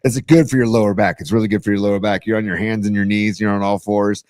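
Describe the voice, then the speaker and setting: A middle-aged man co-hosting a podcast in casual chat, telling stories and rising to excited emphasis. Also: fairly low pitch, fast talker, dry recording, clean studio sound. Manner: storytelling, rises to excited emphasis. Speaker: podcast co-host.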